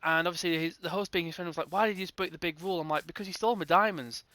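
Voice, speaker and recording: A man's voice: on the high side, very fast, sharp tone. A young man casually telling a rambling gaming storytime, acting out both sides of the conversation. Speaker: gaming channel host.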